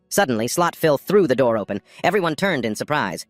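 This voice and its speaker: A man reads a scripted comic recap in a steady storytelling voice of middling pitch. The sound is dry and close, with faint music running under the narration. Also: a little fast, dry recording.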